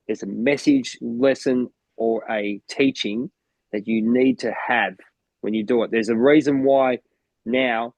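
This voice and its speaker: A man's voice: medium pitch, fairly even intonation, measured pace, dry recording. An Australian man co-hosting a podcast as a motivational coach, talking in an enthusiastic, rambling way with lots of restarts. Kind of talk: casual chat.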